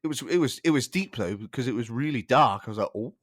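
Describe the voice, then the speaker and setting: A man's voice: mid-range voice, animated, quick pace. A man co-hosting a podcast in casual chat, giggling often as he talks. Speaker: podcast co-host.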